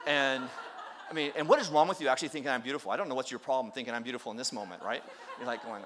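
A man's voice: mid-range voice, racing, a bit bright. A middle-aged man preaching a sermon, telling stories with playful acted-out quotes and self-deprecating humor. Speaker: pastor.

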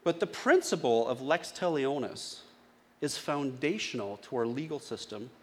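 A man's voice: mid-range voice, lively intonation, normal speed. A male pastor giving a sermon in a casual, conversational way, often asking his congregation questions.

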